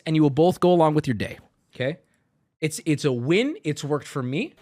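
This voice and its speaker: A man streaming, riffing in casual commentary with crude jokes, lurching between loud rants and low mutters. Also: lively intonation, brisk, no echo, studio quality.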